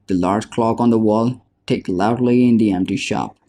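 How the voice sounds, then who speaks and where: A man narrating a business book as an audiobook in a measured, steady reading. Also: fairly low pitch.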